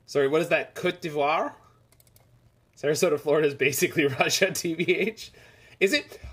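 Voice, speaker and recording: A man's voice: a little high, fast, fairly bright tone, breathy edge. A man streaming a game, chatting casually and rambling as he reads the chat aloud. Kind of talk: casual live-stream chat over gameplay.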